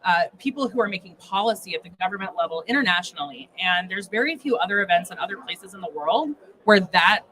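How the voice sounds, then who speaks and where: Bright, enthusiastic woman guest. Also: mid-range voice, expressive, quick pace, few pauses, poor audio. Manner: enthusiastic and articulate. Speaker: interview guest, graduate student. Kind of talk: live interview at a conference booth. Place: conference expo booth.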